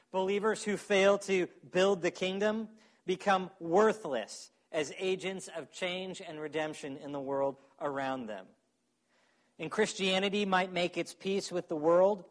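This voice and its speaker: Man preaching a casual sermon. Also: high-pitched. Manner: conversational preaching, checks in with "okay?". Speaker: pastor.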